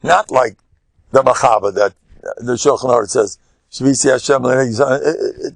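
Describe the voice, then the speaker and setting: An older man, a rabbi giving an animated lecture, emphatic with sudden loud bursts and a chatty, storytelling way. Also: medium pitch, normal speed, creaky, no echo.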